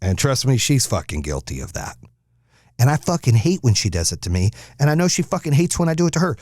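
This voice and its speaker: A man's voice: mid-range voice, sing-song, quick pace, a little mellow, dry recording, studio quality. A man hosting a podcast, giving a blunt, profane, fired-up motivational monologue. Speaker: podcast host.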